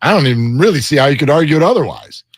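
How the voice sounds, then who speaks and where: A man's voice: a little high, very animated, racing, husky, no room sound. Chatty man on sports radio, dry studio sound. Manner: chatty, reads out news items. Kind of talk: casual sports radio banter.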